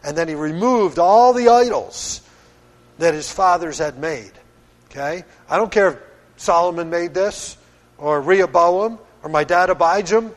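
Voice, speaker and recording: A man's voice: sits high, measured pace. A middle-aged man from Pennsylvania preaching a sermon as pastor, earnest and firm in a conversational way. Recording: long hall reverb.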